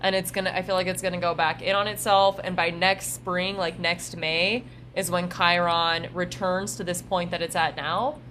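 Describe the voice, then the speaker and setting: A woman's voice: on the low side, level tone, moderate pace, hardly any pauses, fairly bright tone, a little hiss or hum. Laughing young woman chatting casually. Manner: laughs often, many fillers. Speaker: podcast co-host. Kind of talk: casual spiritual chat.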